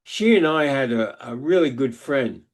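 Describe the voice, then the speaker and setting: An older man giving a webinar lecture that mixes research points with personal storytelling, talking deliberately with frequent restarts. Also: mid-range voice, expressive. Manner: deliberate, halting delivery with many restarts. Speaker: psychologist giving a webinar talk. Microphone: video call microphone.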